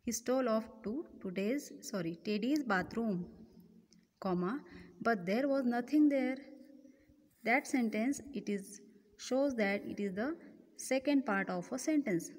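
A woman teacher explains grammar step by step in a fairly high voice, often restarting and correcting herself. Her voice rings in a room with long echo. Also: expressive, a little slow.

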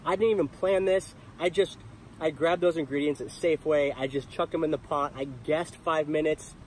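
A man's voice: on the high side, steady tone, normal speed, a little hiss or hum. A young man filming a casual cooking vlog in his camper van, chatting to viewers with enthusiasm. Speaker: van life vlogger.

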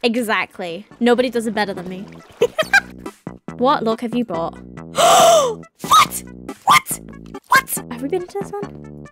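Excitable British woman, high lively voice. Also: music in the background. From Britain. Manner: excitable, chatty, quick to laugh and squeal. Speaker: streamer. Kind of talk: gaming commentary.

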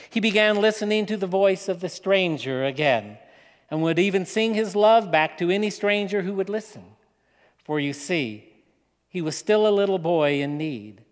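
A man preaching, telling a story in a slow, dramatic way with pauses. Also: fairly high pitch. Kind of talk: sermon storytelling. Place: church hall. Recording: long hall reverb.

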